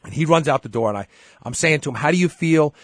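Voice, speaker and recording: A man's voice: a little high, quick pace, no room sound, studio quality. A middle-aged man hosting a show, telling a story in casual chat and acting out the dialogue. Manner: animated storyteller, acts out dialogue. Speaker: show host.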